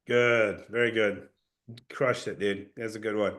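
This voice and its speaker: A man coaching a sales team in a casual, energetic way, often calling people "dude" or "bro". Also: on the low side, a little slow. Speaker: sales trainer.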